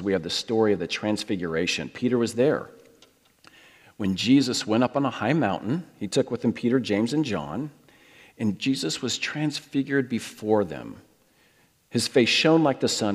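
Lively preacher, low voice, hall reverb. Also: male voice. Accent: American. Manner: storytelling, acts out quoted voices. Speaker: pastor. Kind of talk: sermon.

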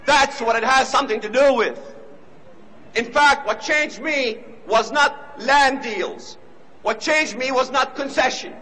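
A man giving an impassioned speech, emphatic and repetitive, now and then rising to shouts. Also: extremely high pitch, measured pace, slight background noise, low-quality recording. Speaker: speaker.

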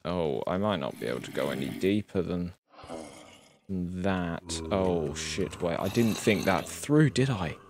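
A man's voice: deep voice, animated, measured pace. A man streaming a video game, rambling casually and swearing as he plays. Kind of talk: casual live-stream commentary. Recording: noisy home stream recording.

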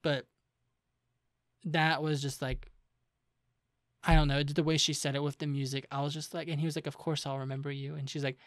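A man's voice: on the high side, level tone, moderate pace, pauses often, no room sound, studio quality. A young man co-hosting a casual podcast chat, talking loosely with many fillers as he retells scenes. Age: young adult. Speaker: podcast co-host.

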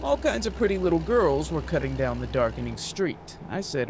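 A man narrating a novel with an expressive, lively reading. His voice sits high and moves a lot in pitch. A faint hiss runs under the recording. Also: moderate pace. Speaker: audiobook narrator.

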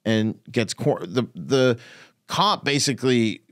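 A man's voice: medium pitch, animated, takes it slowly, a bit bright, no echo, studio quality. A comedian hosting his own podcast, ranting bluntly and profanely in a casual solo talk. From Canada.

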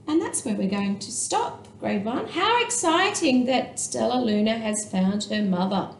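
A woman teacher reading a picture book aloud to young children, slow and expressive. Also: a little high, reverberant, a little hiss or hum, poor audio.

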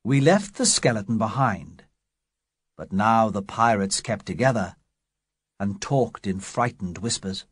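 A man reading an adventure story aloud as narrator, slowly and clearly for English learners. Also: fairly low pitch, lively intonation, no room sound, clean studio sound. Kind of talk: scripted audiobook narration.

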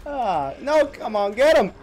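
A man's voice: very high-pitched, noisy background. A male gaming streamer commentating on gameplay, breaking into helpless hysterical laughter to the point of tears and swearing as he talks.

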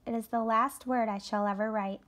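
A woman voicing a gentle, wise female spider who speaks softly and low. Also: steady tone, fairly quick, lightly acted. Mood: kindly. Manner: soft and low-voiced.

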